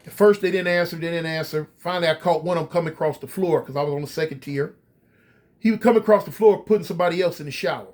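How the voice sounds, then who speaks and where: A man casually telling a story straight to his viewers, animated and full of slang. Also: a little high, fast. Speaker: storyteller recounting prison life.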